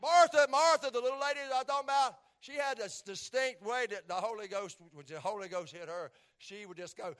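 A middle-aged man preaches in a striking, very high voice. He tells his testimony animatedly, dropping to near whispers and then rising to shouts, and repeats phrases for emphasis. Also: brisk, hardly any pauses. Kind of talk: sermon storytelling.

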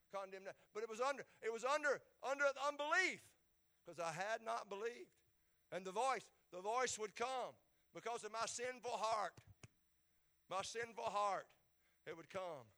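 A man preaching a sermon, stammering and repeating words as he builds toward loud, shouted peaks. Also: high-pitched, lively intonation, moderate pace. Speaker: pastor.

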